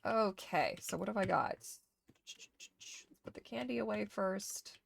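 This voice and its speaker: A woman streamer casually chatting to herself while sorting items in a game, getting animated when something excites her. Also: medium pitch, a little slow, vocal fry, a little hiss or hum. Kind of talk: casual gameplay chat.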